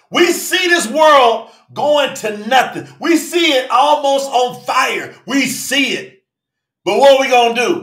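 A man preaching a fervent livestream sermon, often shouting and calling out viewers by name. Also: extremely high pitch, vocal fry, roomy sound. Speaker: preacher and channel host.

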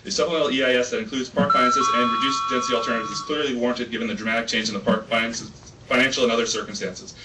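A man rapidly reading out an urgent, technical statement as a public commenter at a board meeting. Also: mid-range voice, fairly even intonation. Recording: distant mic, faint room noise.

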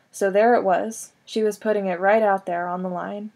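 A woman's voice: mid-range voice, fairly even intonation, moderate pace, darkish tone. A woman reading a first-person story aloud as an audiobook, in a wry, conversational way. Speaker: audiobook reader.

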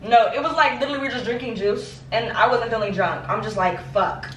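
A woman's voice: fairly high pitch, fast, recorded from a distance, slight background noise. A young woman chatting playfully with a friend on a trip, laughing often, in a casual vlog. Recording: echoey room, off mic.

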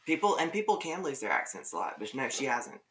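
A man's voice: medium pitch, very animated, fast talker, a bit bright. A man with a Mississippi Southern accent, a guest in a casual chat who rambles easily and laughs often. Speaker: guest, social media creator.

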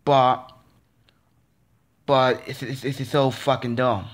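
A man's voice: medium pitch, fairly even intonation, slow pace. A man vlogging a frustrated, casual rant, repeating himself and stammering through restarts. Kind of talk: ranting casual monologue.

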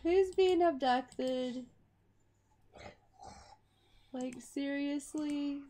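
A young woman chatting over a life-sim game, excitable, exclaiming and laughing at what happens on screen. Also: sits high, extremely slow. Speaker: gaming YouTuber. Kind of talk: casual game commentary.

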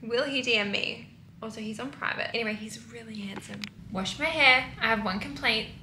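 Australian woman, casual vlog chat, higher voice, echoey room. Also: a little fast, sharp tone, a little hiss or hum. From Melbourne, Australia. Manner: chatty, candid, swears casually. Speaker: vlogger. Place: hotel room and streets outdoors.

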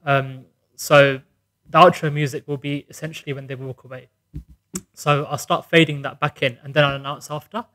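A man's voice: fairly high pitch, flat delivery, moderate pace, fairly bright tone. A man, a wedding DJ co-hosting a podcast, explaining practical tips in a casual chat.

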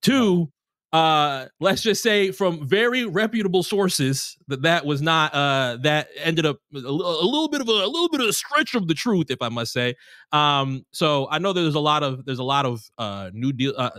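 A man's voice: on the high side, expressive, normal speed, fairly bright tone, dry recording, studio quality. A man co-hosting a casual sports podcast, rambling with restarts and fillers and swearing casually. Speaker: podcast co-host.

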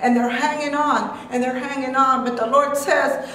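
A woman's voice: high-pitched, fairly even intonation, normal speed, hardly any pauses, pushed and bright. A woman preaching to a men's Bible class with fervent, repetitive emphasis. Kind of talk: preaching exhortation. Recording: echoey room from far off.

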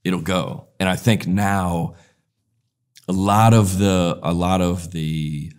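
A comedian as interview guest, talking in a rambling, animated way and acting out voices in his stories. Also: low-pitched, slow. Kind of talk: casual interview storytelling.

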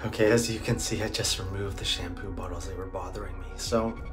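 A man's voice: sits low, steady tone, fast talker, music in the background. A man vlogging from a cold bath in his home bathroom, talking candidly and coaching viewers in a self-deprecating way. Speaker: wellness vlogger. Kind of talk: casual talk to camera.

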